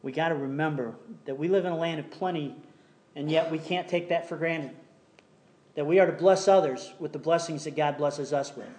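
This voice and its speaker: A man preaching a sermon in a church, reading scripture slowly and telling a story between verses, sometimes dropping almost to a whisper. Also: a little high, darkish tone. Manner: reads scripture slowly, tells jokes, drops to near whisper. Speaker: pastor. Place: church sanctuary.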